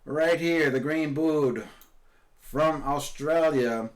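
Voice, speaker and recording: Brief: male esports race caster, a touch high-pitched, excitable, repeats calls. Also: slow. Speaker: esports sailing commentator. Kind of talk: live race commentary.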